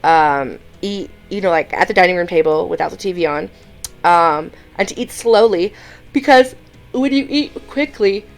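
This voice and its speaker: A woman hosting a reaction video, commenting in an easygoing, conversational way with asides. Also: fairly low pitch. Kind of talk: casual commentary.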